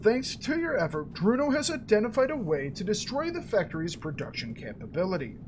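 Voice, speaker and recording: A man reading out a game quest giver's lines, a brisk officer handing out orders. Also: sits high, very animated, background noise. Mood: urgent. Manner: reading quest text aloud in a lightly acted voice.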